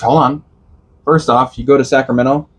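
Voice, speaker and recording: A man's voice: mid-range voice, fairly even intonation, fairly quick, breathy edge, low-quality recording. A young man from Illinois, a podcast co-host, telling rambling road-trip stories in casual chat, swearing freely and laughing at his own tales.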